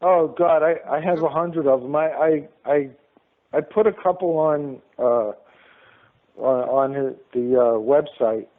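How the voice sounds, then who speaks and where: Male guest on a tinny phone call, slightly high voice, acts out everyone in his stories. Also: measured pace. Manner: animated storyteller who acts out each person's lines. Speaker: interview guest. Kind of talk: casual anecdote telling. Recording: phone-line call-in audio.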